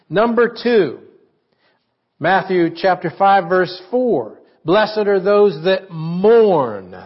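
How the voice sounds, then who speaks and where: A man's voice: fairly high pitch, dull audio. A man preaching a sermon in a conversational way, asking his congregation questions. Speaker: pastor.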